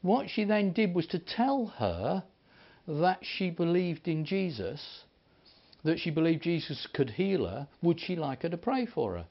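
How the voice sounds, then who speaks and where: A man preaching, telling stories in an animated way and acting out the people he quotes. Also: a little high, a little slow, gravelly. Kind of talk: sermon storytelling. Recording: dull lo-fi recording.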